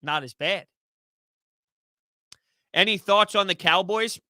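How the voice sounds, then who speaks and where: A man's voice: sits high, slow, bright, forceful tone, no echo, clean studio sound. A young man hosts a sports live stream, chatting loosely and reading viewer comments with easy laughs. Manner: chatty, rambling, laughs easily. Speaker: sports YouTube host.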